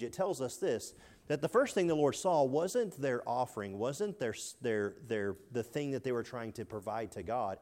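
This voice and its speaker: A man delivers an expository sermon in an earnest, plain manner. He asks his listeners questions and answers them himself, often stumbling and repeating words as he explains. His voice sits at an ordinary middle pitch. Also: a little mellow. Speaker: preacher.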